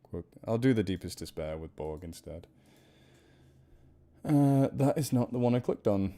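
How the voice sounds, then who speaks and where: A man's voice: fairly low pitch, expressive, measured pace, mellow. A man hosting a live stream, chatting casually and joking at his own expense. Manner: self-deprecating, laughing. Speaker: streamer reading stories.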